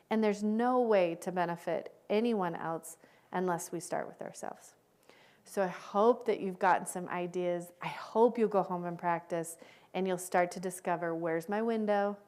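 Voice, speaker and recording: A woman's voice: medium pitch, darkish tone, clear, resonant tone. A middle-aged woman, a social worker, giving a candid conference presentation and laughing often. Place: conference hall.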